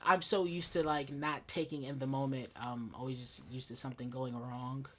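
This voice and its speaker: This is a young man from Staten Island speaking in a casual radio studio interview, with a voice of ordinary middle pitch. He is candid and reflective, swears freely and now and then slips into the voices of his own inner thoughts. A faint hum of noise sits under the talk. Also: flat delivery, normal speed, pushed and bright. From Staten Island, New York. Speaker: independent musician guest.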